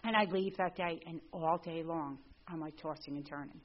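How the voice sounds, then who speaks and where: A middle-aged woman telling her recovery story to a group. She is a lively storyteller who acts out the dialogue. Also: deep voice, normal speed. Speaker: speaker at a recovery meeting. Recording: dull lo-fi recording.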